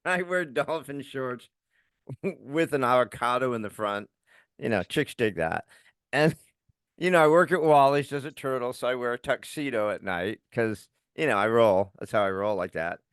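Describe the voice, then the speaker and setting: A middle-aged man co-hosting a podcast, telling a story in a casual, animated way and laughing often as he talks. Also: medium pitch, moderate pace, clear, resonant tone, dry recording, clean studio sound. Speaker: podcast co-host.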